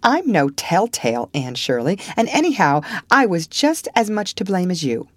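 Woman reading a bold young girl, indignant, lively pitch, dry sound. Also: moderate pace, no echo. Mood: animated. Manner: animated, indignant.

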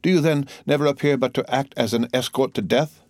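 A man reading aloud, voicing a frantic, grief-stricken male magistrate with shrill, anguished outbursts. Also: brisk, darkish tone, no echo, studio quality, lightly acted. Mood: shocked.

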